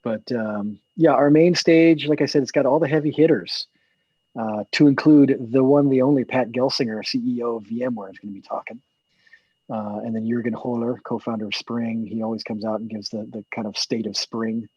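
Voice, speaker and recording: Casual male host, husky voice, rambling with fillers, dull call audio. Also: medium pitch, fairly even intonation, moderate pace, no room sound. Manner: chatty, rambling with many fillers and restarts. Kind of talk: casual chat on a video call.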